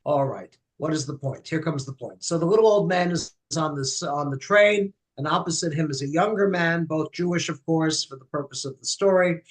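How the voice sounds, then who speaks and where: A man's voice: a little high, animated, normal speed, few pauses. A man leading a Friday night service in a synagogue, telling an old joke in a chatty, joking way. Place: synagogue sanctuary.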